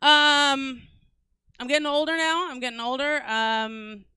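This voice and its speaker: A woman's voice: high-pitched, fairly even intonation, a little slow, sharp tone, dry recording. A woman in her forties doing a brash, crude stand-up set on a comedy club stage, teasing the crowd.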